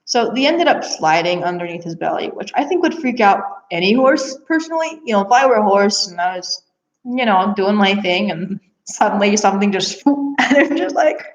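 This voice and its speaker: A young woman telling a personal story casually, animated, with frequent laughs and fillers. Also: medium pitch, a little fast. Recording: echoey room, dull lo-fi sound.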